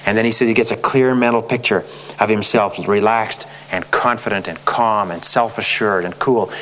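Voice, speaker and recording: A man's voice: lowish voice, fairly bright tone, slight background noise. A man leading a motivational sales seminar as a sales trainer, emphatic and repetitive, often asking the audience rhetorical questions.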